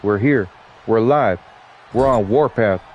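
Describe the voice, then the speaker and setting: A man calls wrestling play-by-play with a stuffy, blocked-up nose. His delivery is casual, and he slips in joking asides between moves. A steady hiss of noise sits under his voice. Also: fairly low pitch, takes it slowly, highs cut off. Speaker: play-by-play commentator. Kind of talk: wrestling commentary.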